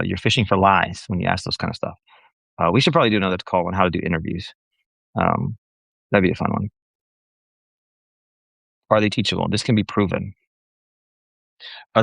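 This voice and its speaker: A man with a fairly low, gravelly voice talks to church leaders on a live stream. He is blunt and sarcastic and wanders off on tangents, correcting himself mid-sentence. The sound is dry and close. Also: a bit bright, no room sound. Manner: rambling, with self-corrections.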